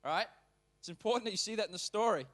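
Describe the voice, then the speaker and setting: In church, a male pastor with a fairly high voice racing through his sermon shifts between scripture reading and loose, animated talk. He often turns suddenly loud or quiet.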